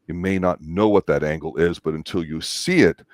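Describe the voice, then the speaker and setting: A man's voice: sits low, normal speed, dry recording, studio quality. A man co-hosting a movie review show, explaining scenes at length in a casual, emphatic way and acting out lines he quotes.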